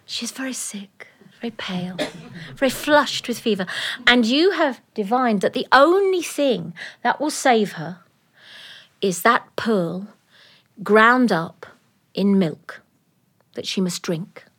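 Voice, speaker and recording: A woman's voice: on the high side, animated, takes it slowly, fairly bright tone, full character voice. A woman voicing a palace maid who urges a plan in a conspiratorial tone. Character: scheming palace maid, urgent and hushed.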